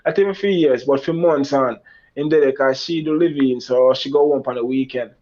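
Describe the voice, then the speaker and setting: This man speaks with a Jamaican accent in a medium-pitched, slightly mellow voice at a moderate pace. He tells a long, rambling personal story using Jamaican Creole phrasing, raising his voice to act out quoted lines. The sound quality is dull and lo-fi.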